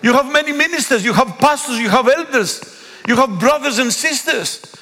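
Male pastor, Greek native speaker, lively sermon delivery with a husky edge, reverberant sanctuary. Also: very high voice, moderate pace. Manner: animated preaching, pleading and swelling to calls. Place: church. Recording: long echo of a big hall.

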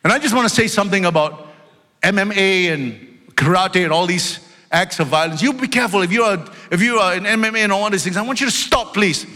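Brief: male pastor, high bright voice, emphatic sermon, big reverberant church hall. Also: a little fast. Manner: emphatic, loud, swings between shouting and low storytelling asides. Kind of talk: preaching a sermon. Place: church sanctuary. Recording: long reverb of a large hall.

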